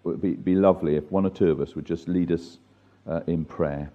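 A man leading a small church Bible study group, reading scripture slowly and deliberately. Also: low-pitched, fairly even intonation. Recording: muffled phone-like audio.

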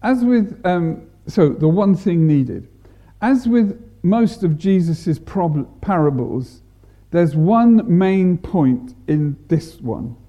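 Slow, mellow-voiced man preaching. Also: sits high, animated, lo-fi sound. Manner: deliberate, with restarts and stressed words. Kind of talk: sermon.

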